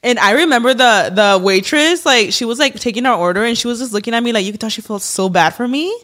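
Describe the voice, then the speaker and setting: A woman in her late twenties, co-hosting a podcast, telling a story in animated, profanity-laden casual chat with the odd Spanish word. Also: a little high, quick pace. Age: late 20s. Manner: animated storytelling, heavy swearing, code-switches Spanish words. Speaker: podcast co-host.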